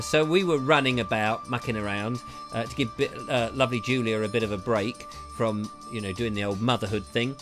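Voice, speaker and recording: A man from hosting a live show, rambling in a chatty, self-mocking way with a slightly dry throat. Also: medium pitch. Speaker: show host. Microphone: lapel mic.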